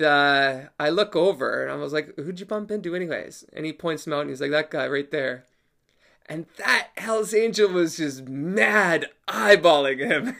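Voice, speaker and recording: Animated man telling a bar story. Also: on the high side. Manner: animated, laughs often, swears casually. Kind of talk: casual personal storytelling.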